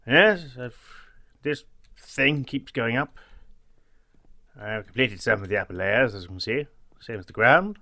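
Lively, gravelly man muttering. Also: medium pitch, a little slow, pauses often. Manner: mutters to himself, counts blocks under his breath. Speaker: gaming channel host. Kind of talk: casual gameplay commentary.

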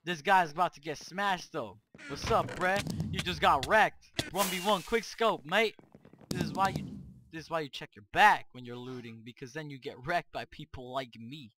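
A man hosting Minecraft gameplay commentary on a cheap microphone, excitable and boastful, trash-talking as he plays. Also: a little high, normal speed, noisy background. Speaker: gaming channel host.

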